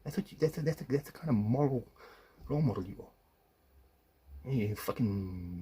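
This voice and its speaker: A man's voice: fairly low pitch, fairly quick, warm tone, husky. Profane man ranting. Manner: accusatory and profane, swinging between muttered asides and raised confrontation. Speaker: estranged father. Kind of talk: angry personal video rant.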